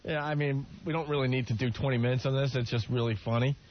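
A man's voice: medium pitch, steady tone, quick pace. Joking male radio host on lo-fi air. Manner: joking, boastful, laughing easily. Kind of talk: casual comedic radio banter. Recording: dull lo-fi radio with faint hiss.

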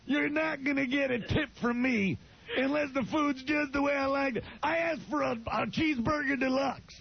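A man doing an impression of a loud, complaining TV salesman ranting in a diner. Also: extremely high pitch, fairly even intonation, normal speed, vocal fry, voice pushed up. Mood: bossy, mocking. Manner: yelling, complaining, repeating himself. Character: loud, grumpy middle-aged male TV salesman yelling at a diner. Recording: dull lo-fi radio broadcast.

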